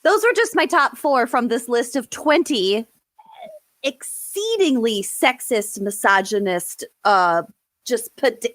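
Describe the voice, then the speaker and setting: A woman co-hosting a chatty podcast, her voice sitting a bit high. She reads out lines with a sarcastic, laughing edge. The sound is close and dry, with no room echo. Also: sing-song, takes it slowly, fairly bright tone. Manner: sarcastic, laughing while reading out quotes. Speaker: podcast co-host. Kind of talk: casual chat.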